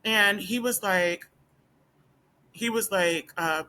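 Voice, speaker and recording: Bright-voiced woman venting emphatically. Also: takes it slowly. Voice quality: not a deep voice. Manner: emphatic, with rhetorical questions and repeated fillers. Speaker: student. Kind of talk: casual direct-to-camera vlog. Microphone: camera or phone facing speaker.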